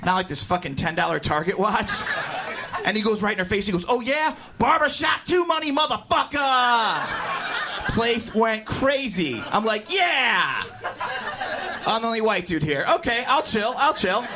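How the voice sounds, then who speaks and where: A man from Indiana works a stand-up set on a club stage, his voice sitting high. He tells his stories with animated energy and keeps bursting into loud shouted impressions. The crowd noise stays clearly audible behind him. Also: a little fast. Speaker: stand-up comedian. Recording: club recording with audience noise.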